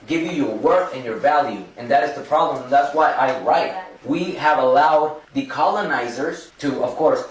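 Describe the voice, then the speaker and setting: A man's voice: on the high side, slight background noise, low-quality recording. A man of Mexican heritage telling a personal story with strong emphasis, acting out the dialogue as he goes. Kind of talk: impassioned personal monologue.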